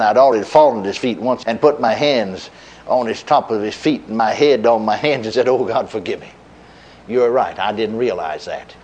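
A middle-aged man preaching a sermon, telling a story in a folksy way with chuckles and repeated words. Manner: lively pitch, dropping low at line ends.

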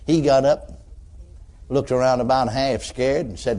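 Animated folksy male preacher. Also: on the high side, moderate pace. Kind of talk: storytelling sermon.

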